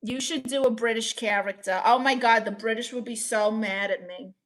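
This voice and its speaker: A woman streamer chatting casually with her viewers, reading their comments out and teasing back. Her voice sits a touch high and sounds crisp and bright. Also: steady tone. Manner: playful, teasing, quick banter with chat. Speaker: live streamer.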